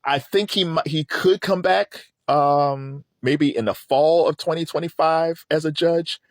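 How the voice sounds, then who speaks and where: A middle-aged man hosting a casual pop-culture commentary, animated and rambling, laughing often. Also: a little high, unhurried, no echo, clean studio sound. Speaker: host.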